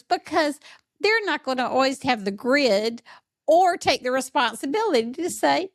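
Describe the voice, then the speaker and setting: A woman hosting a podcast, talking in a lively storytelling way and acting out quotes. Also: high-pitched, a little slow, no echo, clean studio sound. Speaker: podcast host. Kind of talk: podcast conversation.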